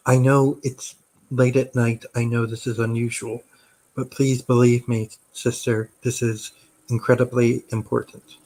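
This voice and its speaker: A man's voice: medium pitch, flat delivery, measured pace, darkish tone, poor audio. A man playing a tabletop game, speaking earnestly and urgently in character. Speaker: player. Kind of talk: in-character pleading.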